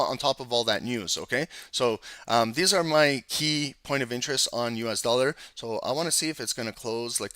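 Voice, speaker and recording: A man's voice: medium pitch, bright, forceful tone, smooth, no echo. A man casually teaching a live trading lesson over his screen, talking with lots of ums and restarts. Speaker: trading instructor.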